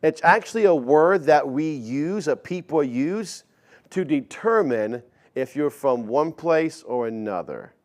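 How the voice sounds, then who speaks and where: Slow, higher-voiced man preaching. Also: expressive. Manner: conversational teaching with asides to the congregation. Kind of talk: sermon.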